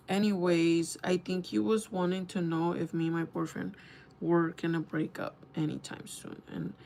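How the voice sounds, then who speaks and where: A woman's voice: on the low side, moderate pace, a little hiss or hum. A young woman in her twenties, chatting candidly and casually as she does her makeup, swearing freely. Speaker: beauty vlogger. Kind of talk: casual storytime chat while doing makeup.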